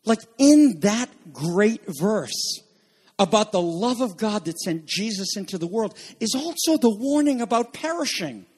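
A man with a high voice preaches with urgency. He presses his points by repeating phrases, asks his listeners questions, and drops from loud warnings to low, quiet lines. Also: sing-song, unhurried, husky. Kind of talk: sermon.

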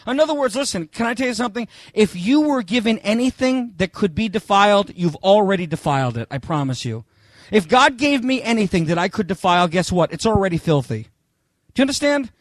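A man preaching a sermon, emphatic, quizzing the congregation and swinging between loud proclaiming and quick asides. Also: high-pitched, no room sound.

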